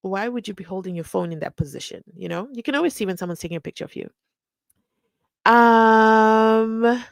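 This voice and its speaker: A woman's voice: mid-range voice, brisk, vocal fry, no echo. A woman hosts a casual live stream, chatting and reading viewer comments aloud with frequent laughs.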